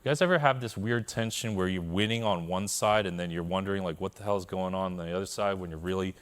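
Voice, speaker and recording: Speaking quickly in a low voice, a conference speaker from Korea tells his own story in a keynote. He's candid and self-deprecating, regularly checking in with the crowd.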